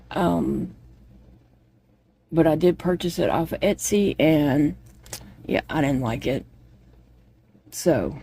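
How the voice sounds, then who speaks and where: A woman chats with her viewers as she crochets at home, wandering easily from one thought to the next. Her voice sits on the low side, with a mellow, unhurried tone. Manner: rambling, chatty, talks to viewers. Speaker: vlogger. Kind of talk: casual chat while crocheting.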